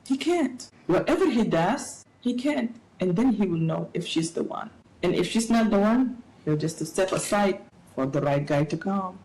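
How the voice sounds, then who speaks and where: A middle-aged woman speaking as an interview guest, giving animated, preachy advice with playful asides. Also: medium pitch, moderate pace, low-quality recording. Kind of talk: casual interview talk.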